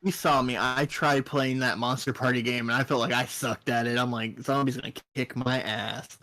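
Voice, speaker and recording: A man rambles through a casual podcast chat in a voice of middling pitch. He jokes as he goes and sometimes jumps into a squeaky mock voice. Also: little pitch movement, brisk, sharp tone. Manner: rambling, jokey, breaks into high silly voices. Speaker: podcast co-host.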